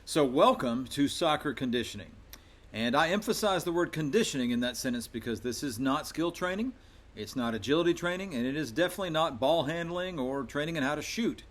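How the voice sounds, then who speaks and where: A man's voice: fairly high pitch, animated, fast. A man speaking as a soccer coach, addressing his young players directly. He talks in a firm, emphatic way and leans hard on key words. Under the toughness his tone stays encouraging. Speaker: middle school soccer coach. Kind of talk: motivational welcome talk to players.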